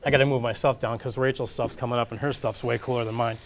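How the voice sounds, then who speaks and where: In a community kitchen classroom, a man talks his way through a recipe while cooking, chatting, cracking jokes and making fun of himself. His voice sits at medium pitch with a steady tone, and he speaks quickly.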